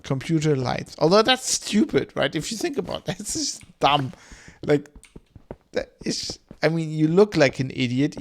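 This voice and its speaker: A man's voice: fairly high pitch, vocal fry, a little hiss or hum. A man streaming a game, rambling in loose, casual chat full of swearing and fillers. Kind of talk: casual chat while gaming.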